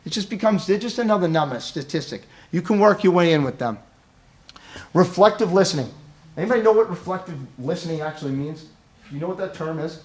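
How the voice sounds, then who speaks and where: A man presents a crisis-intervention training in a chatty way and keeps checking in with his listeners. His voice sits high, and his pitch swings widely as he slips in and out of acted-out examples. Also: fairly quick. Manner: animated, acts out scenarios in quoted voices; conversational, checks in with "right?".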